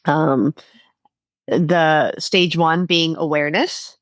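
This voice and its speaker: A woman's voice: low voice, slow, no room sound. A woman guest on a podcast explaining her healing method in an earnest, explanatory way. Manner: earnest, explanatory, animated when making points. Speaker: guest, inner child healing coach.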